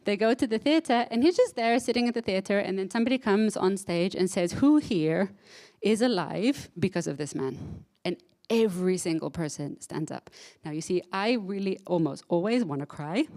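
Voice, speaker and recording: A woman's voice: mid-range voice, a little mellow. Woman, psychotherapist, live talk, conversational, audience check-ins, emotional. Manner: conversational, engages audience with frequent "right?"; emotional, self-described crier.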